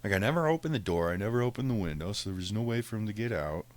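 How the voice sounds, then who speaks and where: Deep-voiced man telling a profane story. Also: rapid-fire, dry recording. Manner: profane, animated, laughs often. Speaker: podcast host. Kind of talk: casual storytelling.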